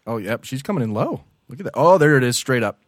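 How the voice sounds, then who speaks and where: A man's voice: mid-range voice, big pitch swings, quick pace, no room sound, clean studio sound. A man hosting a podcast, chatting casually and joking as he explains the news. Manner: jokey, explains the news plainly. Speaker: podcast host.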